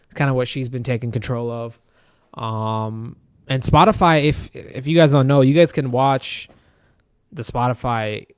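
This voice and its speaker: A man's voice: mid-range voice, measured pace, clear, resonant tone, dry recording, studio quality. A young man co-hosting a podcast in casual chat, loose and rambling, swearing and laughing often. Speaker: podcast co-host.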